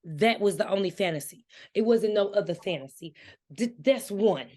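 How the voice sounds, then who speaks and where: A woman in casual chat, recapping a book's plot quickly and emphatically. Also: mid-range voice, dark tone. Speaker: book-swap co-host. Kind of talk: casual book discussion.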